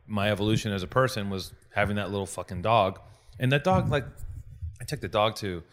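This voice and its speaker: A man's voice: medium pitch, a bit bright. A man hosting a podcast, telling rambling, profane stories in casual chat. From Los Angeles. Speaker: podcast host.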